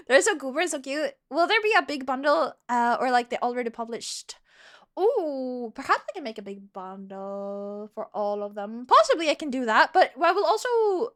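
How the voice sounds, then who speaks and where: Giggly high-voiced woman streamer. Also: a bit bright. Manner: giggly, rambling storyteller. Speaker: live streamer. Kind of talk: casual live-stream chat, reading chat.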